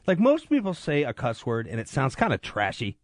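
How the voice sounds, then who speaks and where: A man's voice: mid-range voice, huge pitch swings, fairly quick, dry recording. A man filling in as host on a sports radio show, chatting casually in a joking, rambling, self-deprecating way at a studio mic. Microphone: studio microphone.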